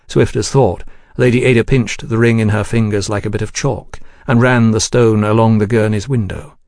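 A man reading a novel aloud in measured, even narration. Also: fairly low pitch, no echo, clean studio sound. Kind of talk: scripted audiobook narration.

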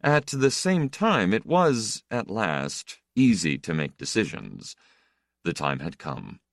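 Low-voiced expressive male narrator. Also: no echo, studio quality. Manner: measured, expressive reading. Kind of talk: audiobook narration.

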